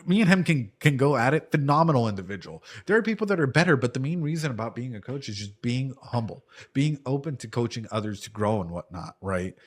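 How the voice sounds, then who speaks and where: A man in his thirties chats casually while reacting to an anime, drifting into a long, rambling story from his life as a martial arts coach. His voice sits at an ordinary middle pitch. He swears now and then and keeps checking in with "dude" and "right?". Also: animated, fast talker, few pauses.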